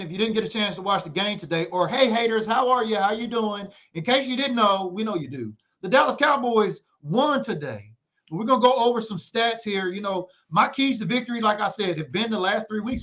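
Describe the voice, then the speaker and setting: A man's voice: sits high, animated, brisk, a bit bright. A man co-hosting a casual sports podcast, hyped and playful, teasing rival fans. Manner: hyped, playful trash talk. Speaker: podcast co-host. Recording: dull lo-fi audio.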